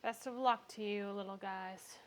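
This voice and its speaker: A woman's voice: mid-range voice, steady tone, measured pace, heavy background noise. A woman hosting a casual home cooking vlog, talking in a bubbly, chatty way into a clip-on mic. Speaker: home cook host.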